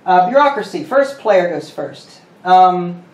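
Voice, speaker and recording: A man hosting a board game session, explaining the rules and counting pieces out loud as he plays. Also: high voice, lively intonation, slow. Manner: thinks aloud, counting pieces and muttering rules. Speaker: host. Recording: roomy room with faint noise.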